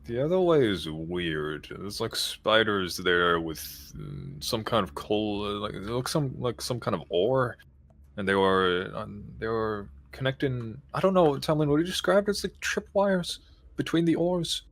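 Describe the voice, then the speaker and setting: Male tabletop player with a low voice, lively and unsure, full of fillers. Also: a little slow. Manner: hesitant, full of fillers and restarts. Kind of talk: casual tabletop play.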